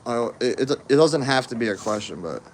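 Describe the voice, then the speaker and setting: A man's voice: medium pitch, expressive, a little fast, a little hiss or hum. A man hosting a casual livestream chat with a friend, talking in a loose, rambling way and laughing easily. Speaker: host.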